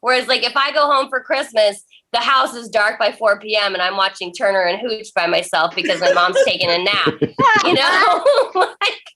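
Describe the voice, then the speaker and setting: A woman's voice: mid-range voice, expressive, normal speed, bright, forceful tone. A woman hosting an online comedy show over a video call, tipsy, profane and self-mocking. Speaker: host.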